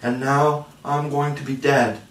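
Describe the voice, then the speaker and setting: A man's voice: fairly high pitch, expressive, a little slow, pitched above the performer's own voice. A man voicing a tiny, fiery, devoted female fairy in a storybook reading, with a lifted, bell-like tone. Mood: faint. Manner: bright, exclaiming, then soft and faint. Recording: roomy, distant mic.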